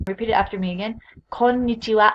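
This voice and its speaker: A woman teaching a recorded beginner language lesson, speaking clearly and patiently as she leads repeat-after-me drills. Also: mid-range voice, normal speed, dull audio, over music. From Utah.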